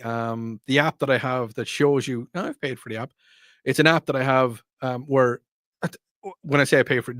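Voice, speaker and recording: A man's voice: mid-range voice, no room sound. A man with an Irish accent hosting a talk radio show, rambling and joking through a casual monologue into a studio microphone. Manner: rambling, digressive, jokey.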